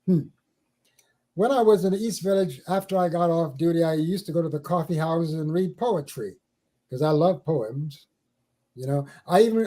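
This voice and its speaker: An older man from the Caribbean islands, a spiritual teacher telling stories in an interview, given to slow, theatrical recitation with big swells and drops. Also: fairly high pitch, mellow, poor audio. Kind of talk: storytelling and dramatic poetry recital.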